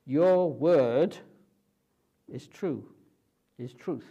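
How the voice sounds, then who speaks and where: A man preaching a sermon at a church, asking and answering questions slowly and deliberately. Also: on the high side, animated, mellow, breathy edge.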